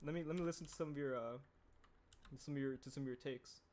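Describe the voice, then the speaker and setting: A young man chatting casually on a livestream while he animates, rambling and reading chat aloud, clearing a throat that keeps tickling. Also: mid-range voice, fast talker, very noisy. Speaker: animator streaming his work.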